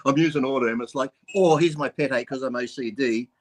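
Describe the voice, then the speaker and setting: Australian bodybuilder co-host, middle-aged, loose profane storyteller. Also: male voice, mid-range voice, fairly quick. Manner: swearing, storytelling, laughing. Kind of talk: casual chat.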